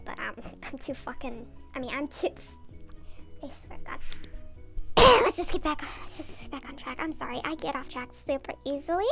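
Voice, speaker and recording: A woman's voice: sits high, fairly bright tone. A sleep-deprived young woman rambling and ranting late at night in her bathroom, swearing and cutting herself off, her voice sped up. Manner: rambling, swearing, self-interrupting, giggly. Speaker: vlogger.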